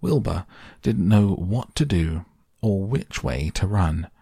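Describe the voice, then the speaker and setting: Male sleep-audiobook reader: low, husky, unhurried. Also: no room sound, clean studio sound. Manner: slow, soft and even. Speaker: podcast reader. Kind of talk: calm audiobook narration for sleep.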